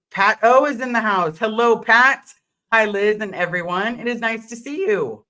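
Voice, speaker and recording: Casual host: woman with a sharp, bright tone, rambling live chat. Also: a little high. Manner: greets viewers by name, rambling storytelling with restarts. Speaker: livestream host.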